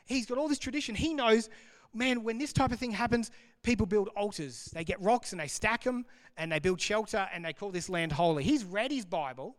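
A man preaching a sermon in an animated, conversational, jokey way. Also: high-pitched, fairly quick. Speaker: pastor. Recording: long hall reverb.

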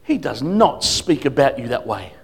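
A man preaching as a guest speaker at a church service, emphatic, swinging between loud declarations and quiet asides. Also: mid-range voice, very animated, moderate pace, creaky, husky. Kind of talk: sermon.

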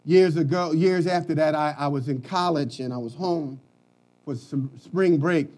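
A middle-aged man from Philadelphia preaching a sermon, building to shouted emphasis. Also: on the high side, normal speed.

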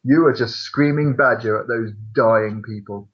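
A young man with a mid-range voice delivers ridiculous claims as plain fact in a dry, deadpan way. His banter is casual and comedic. The audio is slightly muffled and lo-fi. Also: mid-range voice, unhurried, husky. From United Kingdom. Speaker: podcast co-host. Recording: dull lo-fi sound.

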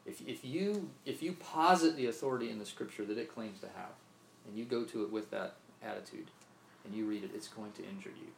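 A man's voice: fairly low pitch, brisk, gravelly, a little hiss or hum. A man from Mississippi preaching a sermon, earnest, often repeating himself and asking "right?". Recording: roomy echo, faint ambience.

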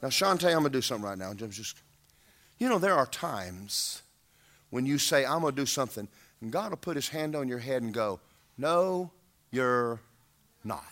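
A man preaching a sermon, animated, acting out voices and rising to shouts at the peaks. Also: medium pitch, brisk.

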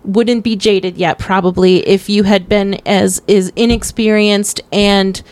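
A woman's voice: medium pitch, steady tone, measured pace, a little mellow. A woman co-hosting a podcast, chatting casually about a movie with many fillers and restarts. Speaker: podcast co-host.

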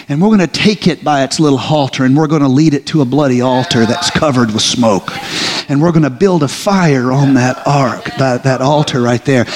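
A man's voice: medium pitch, fairly quick. A middle-aged man, preaching a sermon in a colloquial storytelling manner and often restarting his words. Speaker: pastor.

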